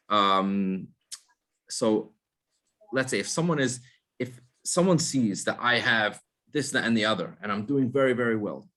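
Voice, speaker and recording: Rabbi teaching, asking himself questions. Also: male voice, mid-range voice, fairly bright tone. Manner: explains step by step, asks and answers his own questions; frequent restarts and repeated words. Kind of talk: casual spoken Torah class.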